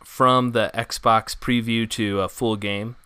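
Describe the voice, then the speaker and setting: Bright-voiced podcast host rambling casually. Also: male voice, lowish voice, steady tone, slow pace, smooth, no room sound. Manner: rambling, filler-heavy, upbeat. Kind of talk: casual gaming news chat.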